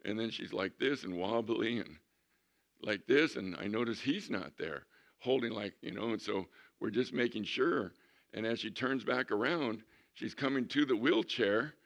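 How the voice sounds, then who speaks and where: Male pastor, sermon storyteller; gravelly, forceful, animated delivery. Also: on the low side, normal speed. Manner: animated storyteller acting out quotes.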